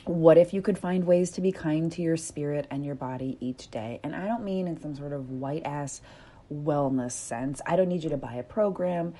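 Low, mellow-voiced woman talking candidly. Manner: candid, swears freely, self-mocking, coaching tone. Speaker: podcast host. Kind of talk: reflective solo monologue.

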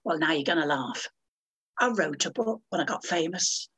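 A woman's voice: low-pitched, lively intonation, moderate pace, a bit bright, husky, rough recording. An older woman telling stories as a guest on an interview podcast, in a dramatic, theatrical way. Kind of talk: storytelling interview.

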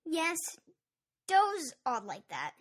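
A man voicing an excitable, squeaky young male cat in a storybook reading, shrill and squealing. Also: drawn-out words, full character voice. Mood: teasing.

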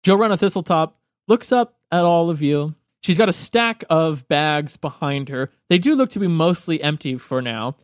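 A man narrating as game master in a tabletop game, relaxed and quick to laugh. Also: fairly high pitch, dry recording, studio quality.

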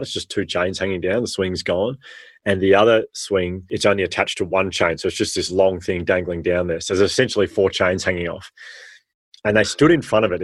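An Australian man in his thirties, a guest telling stories in a casual interview, animated and acting out the voices he quotes. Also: low-pitched, slightly rough, no room sound.

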